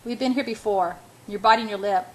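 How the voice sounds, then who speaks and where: A woman's voice: mid-range voice, a little fast, natural voice, poor audio. A woman reading the lines of a commanding, possessive young male executive who is stern one moment and dryly teasing the next. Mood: murmuring. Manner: stern, then dry and teasing.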